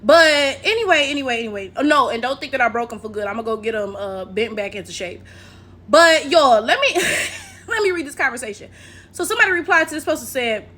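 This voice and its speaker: An American woman recording a casual commentary vlog at her laptop, talking in an animated way and tagging "right?" onto her points. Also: sits high, a little fast. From United States. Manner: animated, keeps asking "right?" to the viewers. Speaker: commentary vlogger.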